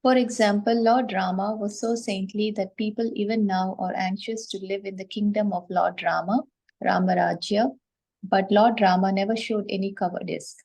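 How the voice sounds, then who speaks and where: A woman reading a scripture commentary aloud to a class in a steady, careful way. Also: medium pitch, moderate pace, rough recording.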